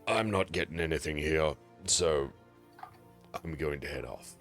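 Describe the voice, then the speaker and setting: A man voicing a quiet, disappointed man at a party, speaking flatly. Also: rumbling low, unhurried, soft background music, voice pushed down. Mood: subdued.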